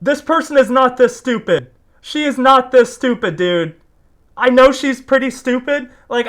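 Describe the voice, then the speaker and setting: A young man with a high voice delivers heated reaction commentary. He rants in disbelief, swears freely and keeps tagging "dude" onto his lines. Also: lively intonation, unhurried, a bit bright. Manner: exasperated, ranting, swearing, repeats "dude". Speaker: commentary YouTuber reacting to clips.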